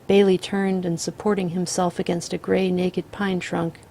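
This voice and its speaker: Low, gravelly woman reading a story aloud. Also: flat delivery, moderate pace, mellow. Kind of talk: literary audiobook narration.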